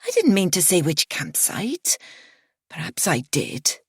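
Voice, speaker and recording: A woman's voice: fairly low pitch, wildly swooping pitch, measured pace, vocal fry, husky, no echo, studio quality, exaggerated voice. A woman voicing a fretful older mother whose tone is light but defensive, in an audiobook reading.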